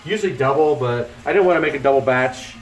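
A fast-talking, medium-pitched middle-aged man chats and jokes with viewers during a casual cooking livestream from his home kitchen. The echoey room has music coming from laptop speakers and food frying in the background.

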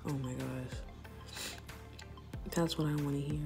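A woman's voice: sits low, steady tone, a little slow, gravelly, over music. A young woman vlogger giving casual, slangy commentary on a chat room, laughing often and sometimes dropping to a whisper.

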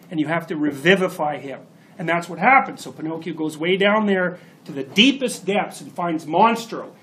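A man giving a university lecture, retelling a story in an animated way with sudden emphatic bursts. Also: high-pitched, a little hiss or hum. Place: lecture hall.

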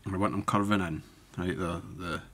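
A man demonstrating fly tying step by step, talking in a relaxed way as he works with his hands. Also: deep voice, fairly quick. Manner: relaxed, thinking aloud while working with hands. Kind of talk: step-by-step tutorial narration.

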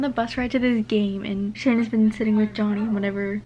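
A young woman talking casually in a reading vlog, retelling the story in an excitable, gushing way with lots of "like" and "oh my gosh". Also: a little high, normal speed, hardly any pauses, slight background noise, rough recording. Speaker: book vlogger.

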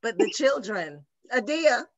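A woman's voice: a little high, big pitch swings, measured pace, dull audio. A woman hosting a show over a video call, teasing her guests and reading comments from the chat. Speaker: host.

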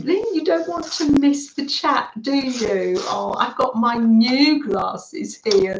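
A British woman hosting a live craft stream, warmly welcoming viewers by name and chatting as she works. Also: on the high side, echoey room, background noise. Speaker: craft livestream host.

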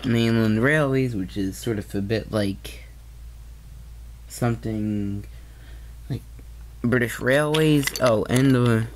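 A man's voice: mid-range voice, slow, long pauses, background noise. A man giving a casual toy train review, hesitant and often correcting himself mid-sentence.

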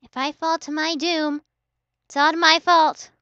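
A woman commentating her own game casually, excitable and playful, with yelps and teasing trash talk. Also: sits high, a little slow, no echo, lo-fi sound. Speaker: gaming channel host.

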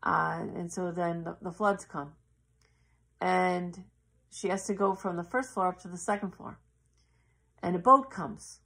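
A woman in casual, earnest storytelling, halting and acting out the voices of the people in her story. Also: on the low side, fairly even intonation, creaky, a bit bright. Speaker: yoga teacher.

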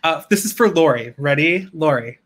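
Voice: mid-range voice, animated, normal speed. A reselling livestream host chatting casually with viewers, bubbly and laughing often, pleading playfully for likes.

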